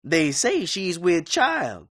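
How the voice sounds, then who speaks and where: A husky, genteel frontier musician in a Western video game. He talks in quaint old-time slang with courtly politeness, and his pitch swings lively up and down. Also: slow pace, exaggerated voice. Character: genteel, folksy male Old West saloon musician. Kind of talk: video game character barks.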